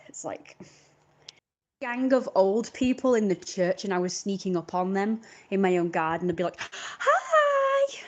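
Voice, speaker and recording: A woman's voice: medium pitch, fairly even intonation, normal speed, a little mellow, dull audio. Indignant woman rambling on stream. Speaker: live streamer. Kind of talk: casual live-stream storytelling.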